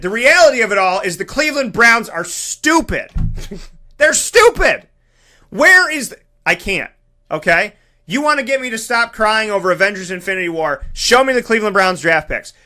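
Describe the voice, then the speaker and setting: A man hosting a radio show, talking in an animated, emphatic monologue and acting out the voices he quotes. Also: high voice. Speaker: radio host and broadcaster. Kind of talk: energetic monologue.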